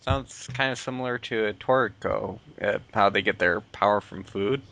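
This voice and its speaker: A man's voice: on the low side, moderate pace, vocal fry, pushed and bright. A man hosting a casual podcast chat, laid-back, chuckling often and trailing off mid-thought. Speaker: podcast host.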